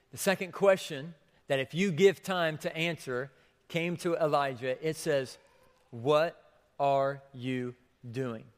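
Guy pastor giving a sermon, repeats his questions, goes soft then big, lots of hall reverb. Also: on the high side. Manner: repeats questions for emphasis, drops to near whisper then rises.

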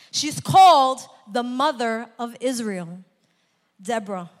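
A woman preaches a sermon with a high voice that carries through a large hall, and the room answers her with a long reverb. She calls out for amens and climbs into loud, shouted exhortation. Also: normal speed. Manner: call-and-response, rising to shouts.

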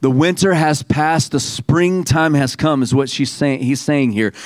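A man's voice: on the high side, no echo. Man preaching, dry close sound. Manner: preaching with call-and-response to the congregation; reads scripture aloud slowly and emphatically. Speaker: pastor. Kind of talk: sermon.

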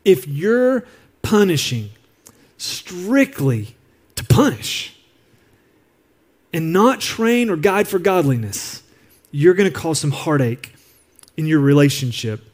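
A man's voice: fairly high pitch, sing-song, slow, pauses often. A man preaching a sermon as a pastor, telling a personal story in an earnest, confiding way. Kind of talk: sermon on parenting. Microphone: recorded apart from the congregation.

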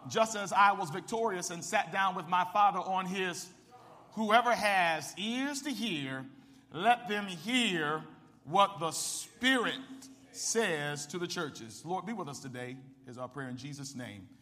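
A man preaches in a high, bright, ringing voice, pulling the congregation into call and response and climbing up to shouts. His microphone carries a long reverb through a big church sanctuary. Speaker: pastor. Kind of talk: sermon. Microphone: microphone with ring.

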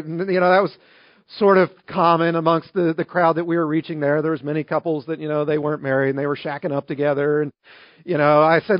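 A man preaching a sermon as pastor, telling a story in a conversational, animated way. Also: fairly high pitch, quick pace, no echo. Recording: dry, slightly dull recording.

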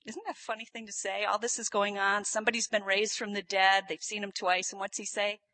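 A woman preaching a sermon, telling the story with lively, animated delivery and sudden loud bursts. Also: mid-range voice, a little fast.

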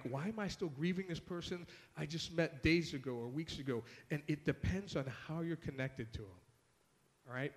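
A man preaching a sermon in a casual, conversational way, slipping into the voices of the people in the story. His voice sits a little high for a man. A long hall reverb trails behind his words. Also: a bit bright. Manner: conversational preaching with casual asides, acting out voices of biblical figures. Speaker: pastor.

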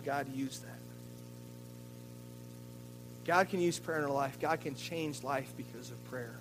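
A male pastor with a notably high voice delivers a sermon, spinning a story with lively energy and stumbling over repeated words. Faint music sits quietly behind him. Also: rough recording. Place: church.

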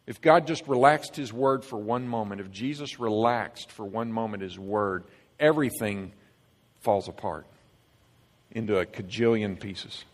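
A man preaching a sermon as pastor, earnest and emphatic, swinging between loud stresses and hushed lines. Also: lowish voice, measured pace. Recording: long reverb of a large hall.

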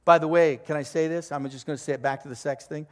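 A man's voice: fairly high pitch, fairly even intonation, quick pace, long reverb tail. An older man preaching a sermon as a pastor, in a conversational, joking storytelling manner before a live congregation.

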